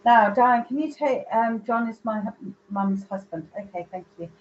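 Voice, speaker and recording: A woman's voice: a little high, normal speed, highs cut off, slight background noise. A woman, a psychic medium giving a live reading and relaying messages directly to viewers by name.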